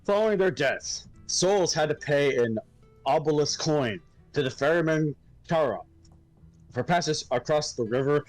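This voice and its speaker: A man's voice: on the high side, animated, a little slow, no room sound, faint music behind, rough recording. A man casually reading game text aloud, tripping over hard names and joking.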